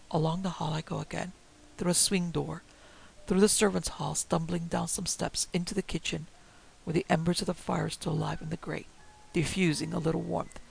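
A man reading a ghost story aloud in a dramatic, hushed way that drops often into whispers. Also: fairly high pitch, vocal fry, husky, rough recording. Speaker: narrator.

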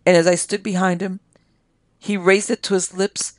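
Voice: medium pitch, flat delivery, moderate pace, no echo, voice pushed up, natural voice. A reader voicing a raving delirious major. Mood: terrified, pleading. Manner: feverish, pleading, raving confession. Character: delirious army major, guilt-ridden man.

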